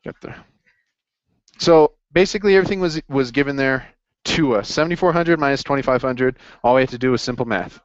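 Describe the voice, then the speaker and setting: A man's voice: mid-range voice, brisk, no echo, dull audio. A man running a casual accounting review session, upbeat and jokey as he encourages his students. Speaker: accounting tutor.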